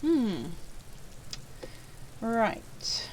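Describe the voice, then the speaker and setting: Lady doing a let's play, slow and chatty, kinda high voice. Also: big pitch swings, a little mellow, a little hiss or hum. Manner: musing, chatty. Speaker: let's player. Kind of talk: reading game text aloud with commentary.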